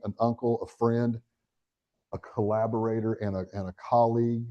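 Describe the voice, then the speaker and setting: A middle-aged man giving a live real estate training, energetic and talking straight to the audience with questions. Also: mid-range voice, lo-fi sound. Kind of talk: live motivational training talk.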